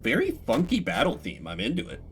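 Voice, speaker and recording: A man's voice: medium pitch, wildly swooping pitch, fairly quick. A man streaming a horror game, talking through it in chatty, self-mocking let's play commentary. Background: faint game music.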